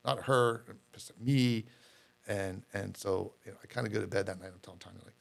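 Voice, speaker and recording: A middle-aged man with a low, gravelly voice, speaking as an interview guest. He tells his story candidly and loosely, restarting sentences and repeating words as he goes. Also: fairly even intonation, a little fast. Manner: rambling, repeats words, many fillers. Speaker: podcast guest.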